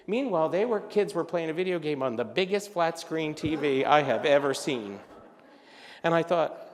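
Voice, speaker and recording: An older man with a slightly high voice tells comic stories to a luncheon crowd, jumping into voices for the people he quotes. His words ring out with a long reverb from the hall. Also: moderate pace, slight background noise. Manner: animated, acts out voices of others in his stories. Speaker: luncheon speaker. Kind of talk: comic storytelling talk. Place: event hall.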